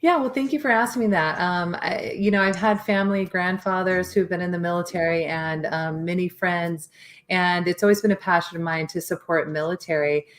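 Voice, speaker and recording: A woman speaking as an interview guest with a somewhat low voice. She explains her work earnestly and conversationally, in long, steady answers. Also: a little fast. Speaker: interview guest, nonprofit founder.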